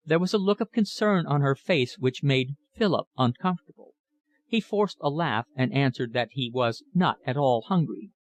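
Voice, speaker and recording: A man narrating a classic novel audiobook in a measured, even reading. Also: mid-range voice. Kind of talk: scripted narration.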